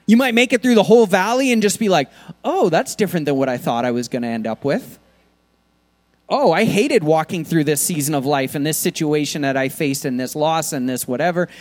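A male pastor delivering a sermon, his voice sitting a little higher than most men's. He talks in a loose, conversational way, full of casual fillers, then builds into animated, rising preaching.

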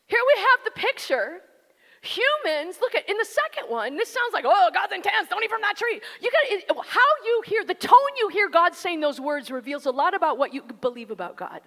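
A woman preacher delivers a conversational, emphatic sermon in a very high, bright voice. She speaks straight to the listeners, and a long hall reverb trails each phrase. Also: sing-song, normal speed.

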